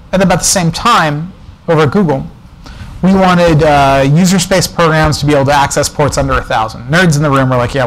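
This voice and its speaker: A man's voice: on the high side, slight background noise, low-quality recording. Man telling stories at a tech talk. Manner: casual, digressive, with asides and jokes. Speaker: guest speaker at a developer meetup. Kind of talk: conference talk, anecdotal storytelling. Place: presentation room before an audience.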